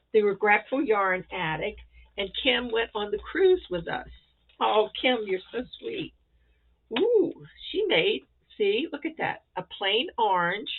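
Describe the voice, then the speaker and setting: A woman chatting casually and excitedly as she shows off crochet squares for a vlog. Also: mid-range voice, slightly rough. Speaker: crochet vlogger. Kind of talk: casual show-and-tell chat. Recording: tinny phone-like sound.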